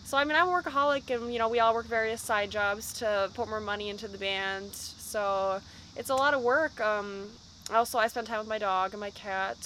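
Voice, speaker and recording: A woman's voice: mid-range voice, moderate pace, slight background noise, poor audio. A young woman, a band vocalist, chatting casually in an interview and acting out the people in her stories. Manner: lively storyteller, acts out quotes.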